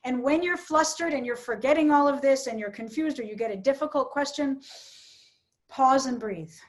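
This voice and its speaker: A woman's voice: high-pitched, normal speed. A woman teaching public speaking in an online workshop, coaching participants with encouragement.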